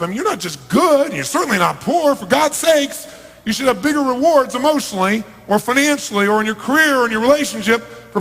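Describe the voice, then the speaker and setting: Husky man booming across a big hall. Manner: dramatic swings between booming shouts and hushed asides. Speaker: motivational speaker. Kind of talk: live motivational seminar talk. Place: large hall with a live audience.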